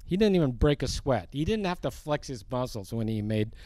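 This preacher has a medium-pitched, sing-song voice with a dark tone, recorded dry. Teaching verse by verse, he reads scripture aloud slowly and deliberately, lifting his delivery on the quoted passages.

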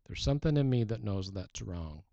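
A man's voice: fairly low pitch, animated, moderate pace, vocal fry, mellow, no echo, muffled recording. A man preaching a sermon, teaching earnestly with emphatic rises and frequent restarts. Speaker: pastor.

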